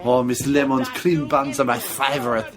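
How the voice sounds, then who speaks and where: A man's voice: mid-range voice, level tone, normal speed, crowd noise, lightly acted. A man voicing a pompous, fussy Belgian detective in a prim put-on accent.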